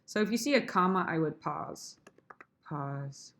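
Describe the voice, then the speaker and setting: A woman's voice: sits low, expressive, unhurried, a bit bright, slight background noise. A woman drama teacher, chatty and addressing her students directly, talks through how she annotates and rehearses a sonnet. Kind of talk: screen-recorded lesson.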